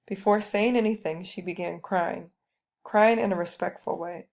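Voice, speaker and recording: A woman reads a first-person story aloud in a calm, steady way. Her voice is mellow and dark, with a gravelly texture. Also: fairly low pitch, normal speed. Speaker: reader. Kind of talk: storybook reading.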